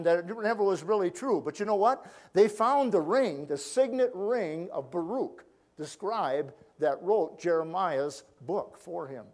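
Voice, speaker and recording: A man preaching a sermon, telling stories and acting out the quoted voices, often dropping to quiet asides. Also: high voice. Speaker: pastor.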